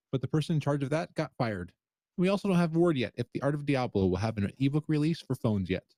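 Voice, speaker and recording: A man's voice: medium pitch, no echo. Casting: a man reading a scripted comedic news bit, dry close mic sound. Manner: deadpan reading of mock news. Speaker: segment host.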